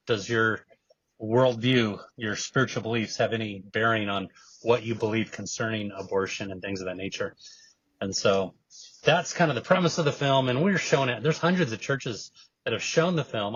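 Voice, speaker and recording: An earnest, emphatic man answering an interview question as a storyteller. His voice is husky, the sound is dry and close, and the audio is slightly dull and lo-fi. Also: on the low side, fairly bright tone, no room sound. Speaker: guest, evangelist and film producer.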